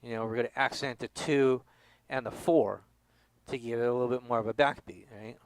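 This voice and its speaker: A man giving a drum lesson, explaining stroke types and counting beats out loud. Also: mid-range voice, steady tone, fairly quick, clean tone, no echo, rough recording. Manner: explanatory, counts aloud with accents. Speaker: drum instructor. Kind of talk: demonstration lesson.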